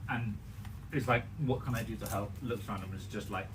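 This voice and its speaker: A man's voice: lowish voice, steady tone, fairly quick, recorded from a distance, background noise. A man telling a story to friends, laughing through it. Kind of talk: storytelling chat among friends.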